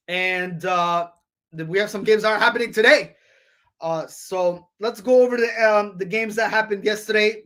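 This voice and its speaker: A man hosting a solo sports podcast, rambling through scores with many fillers and restarts, calling listeners folks and ladies and gentlemen. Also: high-pitched. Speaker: podcast host.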